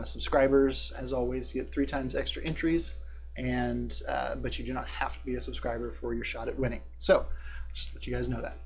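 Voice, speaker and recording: Casual male game master with a buzz. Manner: casual, many fillers, drops into a low hushed tone for eerie scenes. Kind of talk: narrating a tabletop game and hosting a live stream. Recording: faint buzzing hum in the background.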